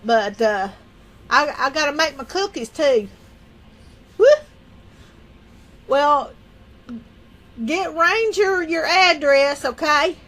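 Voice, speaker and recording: A woman's voice: high-pitched, slow pace, fairly bright tone. A woman chatting casually with viewers on a livestream from home, rambling and folksy. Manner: rambling, folksy, laughs often. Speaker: livestream host.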